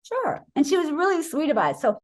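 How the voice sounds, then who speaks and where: Lively high-voiced woman in her sixties. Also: very fast. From Wisconsin, USA. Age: 60s. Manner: animated storyteller, acts out quoted voices. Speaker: guest. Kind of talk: storytelling interview.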